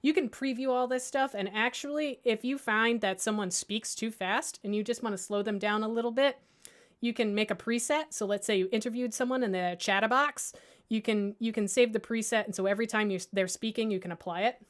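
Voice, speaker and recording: A woman librarian giving a casual software tutorial, thinking aloud, with lots of fillers and restarts and a playful, self-mocking humor. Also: fairly high pitch, brisk. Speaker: librarian teaching audio editing.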